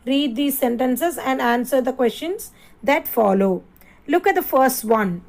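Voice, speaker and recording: A woman teacher talks slowly and patiently, spelling each word letter by letter and repeating it several times. Her voice sits high for a woman. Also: creaky, darkish tone, low-quality recording. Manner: slow, repeats and spells words aloud. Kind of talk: classroom lesson.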